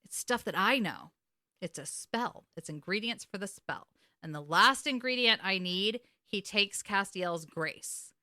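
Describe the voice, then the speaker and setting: Woman, bright forceful voice, dry close sound, emotional swearing recap. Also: medium pitch, measured pace, no room sound. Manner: emotional, swearing, animated retelling. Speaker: podcast co-host. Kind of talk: casual recap chat.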